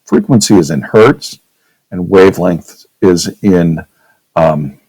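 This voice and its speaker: Male teacher, deep voice, relaxed classroom lecture style that keeps checking in with the class. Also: slow pace, no echo, low-quality recording. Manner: casual, checks in with "okay?", demonstrates with his own voice.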